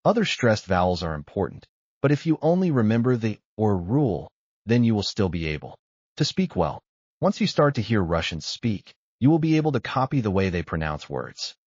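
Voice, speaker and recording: Lively low-voiced male language tutor. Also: no echo, lo-fi sound. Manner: explanatory, measured. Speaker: language teacher. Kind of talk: scripted narration.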